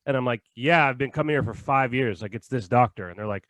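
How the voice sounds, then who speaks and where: A young man in casual podcast chat who tells stories with a laugh and acts out the lines of others. His pitch sits in the middle of the range. The room sounds dry and close. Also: expressive, fast, hardly any pauses, fairly bright tone, no room sound. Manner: storytelling, laughs often, acts out quotes. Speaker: podcast co-host.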